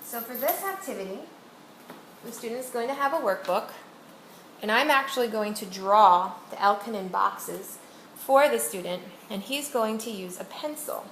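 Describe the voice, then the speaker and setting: A woman's voice: on the high side, lively intonation, normal speed, a bit bright. A woman reading teacher giving one-on-one literacy instruction, guiding a student with patient, step-by-step questions. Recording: roomy echo, faint background noise.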